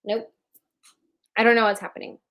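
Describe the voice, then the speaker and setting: A woman's voice: a little high, flat delivery, moderate pace, a bit bright. Chatty woman hosting a livestream. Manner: chatty, playful, laughing at tech trouble. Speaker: host. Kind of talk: casual livestream chat. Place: borrowed bedroom.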